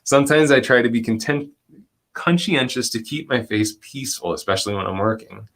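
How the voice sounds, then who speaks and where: A male presenter and educator leads a live online workshop in a gentle, reflective, medium-pitched voice, slowing deliberately on phrases he wants to land and laughing softly. Calm and encouraging, he picks up comments from the chat and answers them, staying soft and unhurried throughout.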